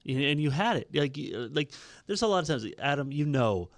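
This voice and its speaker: A man with a Midwestern American accent, co-hosting a casual chat and telling lively stories, acting out quotes. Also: a little high, brisk, no echo, studio quality. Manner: animated storyteller, acts out quotes. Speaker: podcast co-host.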